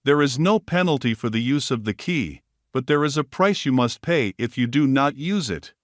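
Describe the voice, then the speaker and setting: Steady male audiobook narrator, dry sound. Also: medium pitch, no room sound. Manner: steady, measured reading. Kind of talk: audiobook narration of a self-help book.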